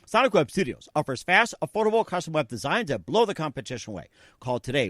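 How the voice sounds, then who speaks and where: A male host thanking guests and reading sponsor messages in a brisk, upbeat manner. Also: a little high, big pitch swings, a bit bright, dry recording, studio quality. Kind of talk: interview host and sponsor reads.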